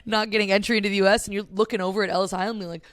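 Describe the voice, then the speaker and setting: A woman co-hosting a comedy podcast, telling a story in casual banter, giggling and swearing in fast bursts. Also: medium pitch, fairly even intonation, no echo, clean studio sound. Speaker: podcast co-host.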